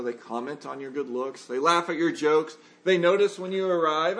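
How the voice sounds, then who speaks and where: A man with a notably high voice delivers a sermon from the pulpit. He talks in an earnest, conversational way and works through his points with vivid everyday illustrations. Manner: earnest, conversational preaching with lively examples. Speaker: pastor.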